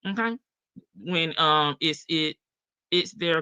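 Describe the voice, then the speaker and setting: A woman's voice: low-pitched, slow pace, bright, forceful tone, clear, resonant tone. A woman hosting a casual live stream, chatting and laughing with her viewers in as she reads updates. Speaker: livestream host. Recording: dull lo-fi stream audio.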